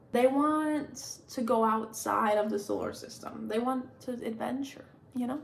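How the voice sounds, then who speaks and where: A woman's voice: mid-range voice, slight background noise. A woman in her twenties chatting casually as a book vlogger, rambling, giggly and self-deprecating, with lots of "like" fillers. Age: 20s. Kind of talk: casual chat.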